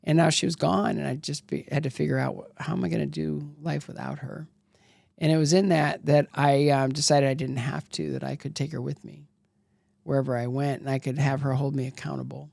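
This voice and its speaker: A man's voice: fairly high pitch, little pitch movement, a little fast, creaky, a little mellow, no room sound, studio quality. A middle-aged man, a former athlete, telling candid, rambling stories as an interview guest and acting out the voices of people he quotes. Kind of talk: casual storytelling interview.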